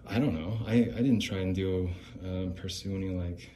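A man's voice: sits low, moderate pace, warm tone, a little hiss or hum. A man hosting a podcast, talking in a rambling, sarcastic and bitter monologue with frequent restarts. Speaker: podcast host.

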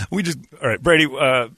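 A man's voice: medium pitch, measured pace, sharp tone, breathy edge, no room sound. A man from the area, hosting a radio show and teasing his co-hosts in casual studio banter. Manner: joking, teasing storyteller.

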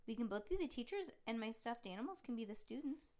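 A woman reading an excited, silly little boy in a storybook. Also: on the high side, fast talker, voice pushed up, close to an everyday voice. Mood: eager.

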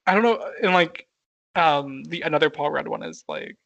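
Young man with a gravelly, creaky voice. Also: on the high side, lively intonation, moderate pace, fairly bright tone, dull audio. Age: young adult. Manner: rambling, filler-heavy, laughs often, swears casually. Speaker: podcast co-host. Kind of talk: casual podcast chat.

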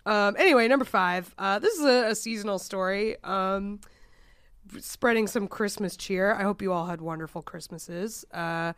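A woman's voice: medium pitch, normal speed, a bit bright, smooth, dry recording, clean studio sound. A woman co-hosting a casual podcast, still getting over a chest cold, telling a story in a chatty way full of fillers. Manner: chatty, lots of fillers, laughs while telling. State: recovering from a chest cold, prone to coughing. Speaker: podcast co-host.

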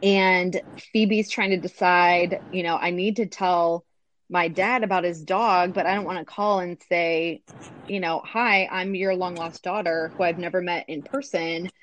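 A woman with a somewhat low voice co-hosts a podcast and recaps an episode in relaxed chat. Her talk is loose and full of fillers. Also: unhurried, slight background noise. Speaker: podcast co-host.

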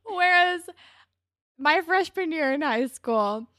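A woman's voice: high voice, animated, slow, fairly bright tone, dry recording, studio quality. A young woman co-hosting a podcast, telling chatty, self-mocking stories while recapping a show. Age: young adult. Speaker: podcast co-host. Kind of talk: casual recap chat.

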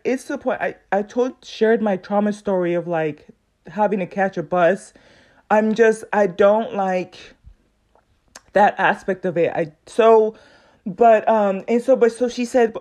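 A woman hosting her own podcast, telling a long story in a casual, animated way and acting out what other people said. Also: mid-range voice. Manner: animated, acts out other people's lines in quoted voices. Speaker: podcast host.

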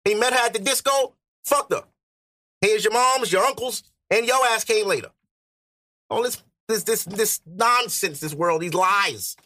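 A man's voice: high voice, measured pace, pushed and bright, no room sound. A man hosting a podcast, arguing his point bluntly in casual, profane chat. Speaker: podcast host.

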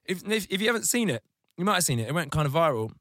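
A man's voice: on the high side, big pitch swings, very fast, fairly bright tone, no echo. A man in casual comedic podcast chat, ranting sardonically with crude, vivid insults.

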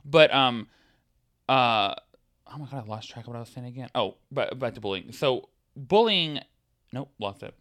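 A young adult man co-hosting a podcast in casual chat, animated and self-deprecating, sometimes losing his train of thought. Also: medium pitch, normal speed, no room sound, studio quality. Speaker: podcast co-host.

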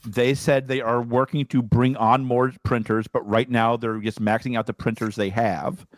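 A man's voice: medium pitch, normal speed, dry recording. A man co-hosting a podcast, telling stories and joking in casual chat. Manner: joking, animated storytelling. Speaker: podcast co-host.

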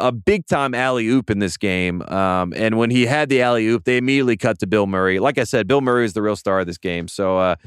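Smooth-voiced enthusiastic sports podcast host. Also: male voice, mid-range voice, dry recording, clean studio sound. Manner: rambling, enthusiastic, repeats words often. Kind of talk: casual sports podcast chat. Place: studio.

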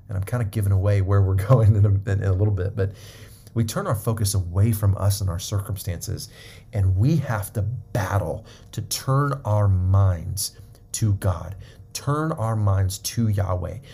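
Gravelly, dark-voiced preacher man. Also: lowish voice, a little hiss or hum. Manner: repetitive, emphatic, checks in with "okay?". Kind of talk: sermon.

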